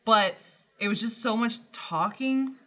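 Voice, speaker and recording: A woman co-hosting a podcast, chatting quickly and enthusiastically. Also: fairly high pitch, a bit bright. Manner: quick, enthusiastic, laughs often. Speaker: podcast co-host. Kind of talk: casual chat.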